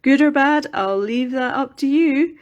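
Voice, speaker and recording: A woman's voice: high voice, measured pace, highs cut off. Chatty Scottish woman crafting on a live chat. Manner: rambling, chatty, wanders off on tangents. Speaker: craft livestreamer. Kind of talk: casual live chat while sculpting. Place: workshop room in a mill. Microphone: phone.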